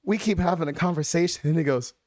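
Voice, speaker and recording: A man's voice: a little high, quick pace. A man co-hosting a casual podcast, telling a story among friends, acting out what people said and often breaking into laughter. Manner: animated, acts out quotes, laughs often. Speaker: podcast co-host.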